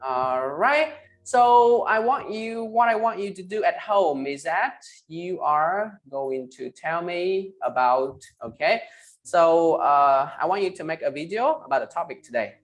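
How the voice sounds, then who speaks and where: A male English teacher with a Vietnamese accent leads an online class. He models each word slowly and tags most phrases with "right?" or "huh?". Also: high-pitched, expressive, soft background music. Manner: ends phrases with tag questions "right?" and "huh?"; slow, emphatic model pronunciations. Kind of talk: online class, pronunciation drilling.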